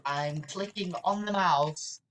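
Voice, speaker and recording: A woman's voice: on the low side, takes it slowly, fairly bright tone, a little hiss or hum. A young woman commentating her own gameplay, chatty and given to sudden screams. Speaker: gaming YouTuber.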